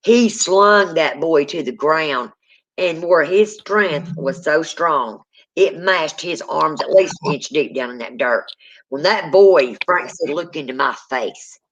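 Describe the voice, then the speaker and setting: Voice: mid-range voice, lively intonation, slow, fairly bright tone, a little hiss or hum. A speaker, telling a true ghost story in casual spoken style and acting out the people in it. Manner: dramatic, acts out quoted people. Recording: dull lo-fi sound.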